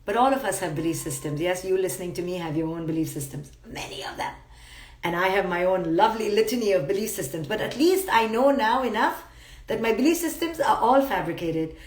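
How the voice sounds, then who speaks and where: A woman's voice: medium pitch, lively intonation, fast, darkish tone. A woman psychologist giving a live-streamed motivational talk, emphatic and blunt, repeating her key words. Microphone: phone live stream. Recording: roomy echo.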